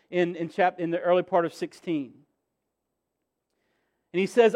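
A man's voice: sits high, fairly even intonation, normal speed, pauses often, darkish tone. A man in his thirties preaching a sermon as pastor, earnest, repeating key phrases and building emphasis.

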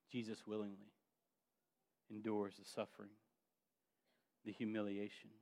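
Man preaching with big dynamic swings. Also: on the low side. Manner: preaching with swings from quiet to loud. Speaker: pastor. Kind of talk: sermon.

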